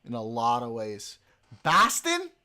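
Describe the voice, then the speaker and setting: Unhurried joking male streamer. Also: mid-range voice. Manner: joking, trying out accents. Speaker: live streamer. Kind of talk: casual chat.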